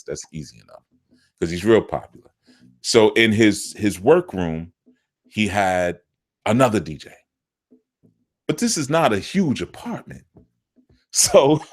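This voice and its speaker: A middle-aged man, a spiritual teacher, talking casually and telling stories, often jumping high into quoted voices. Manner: animated, jumps into quoted voices with big pitch swings. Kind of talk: casual storytelling talk.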